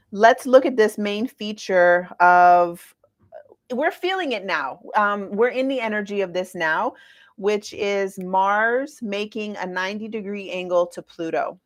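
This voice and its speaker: Chatty, playful woman in her forties. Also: medium pitch. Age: 40s. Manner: lively, chatty, playful asides. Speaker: astrologer. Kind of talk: casual astrology talk to viewers.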